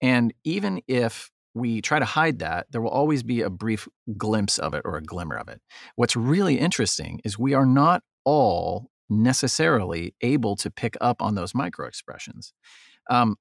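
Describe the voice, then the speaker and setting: Animated gravelly-voiced man telling stories. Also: medium pitch, moderate pace, dry recording, studio quality. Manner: animated, acts out quotes. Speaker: guest, photographer. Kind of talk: casual interview talk, storytelling.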